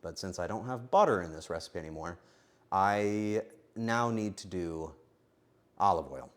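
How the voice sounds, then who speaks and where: A man's voice: low voice, animated, measured pace. A man streaming a game live, talking to himself with frantic, joking commentary.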